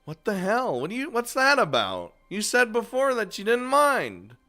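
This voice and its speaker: A man's voice: very high voice, wildly swooping pitch, normal speed, bright, forceful tone, soft background music, pitched above the performer's own voice, full character voice. A man voicing a flustered teenage boy in a game, exasperated and rising in alarm.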